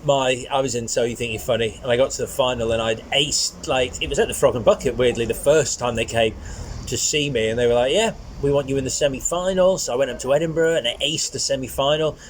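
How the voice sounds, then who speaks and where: A man, a comedian guest, chatting casually outdoors and telling stories in a lively, animated way. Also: medium pitch, fast talker, a little hiss or hum. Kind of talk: casual chat. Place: outdoors in the sunshine.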